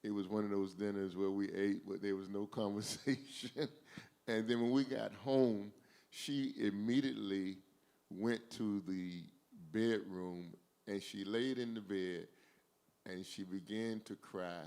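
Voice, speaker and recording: A man's voice: fairly low pitch, steady tone, a little slow, darkish tone. A man hosting a talk, earnestly telling a personal story in a reflective way.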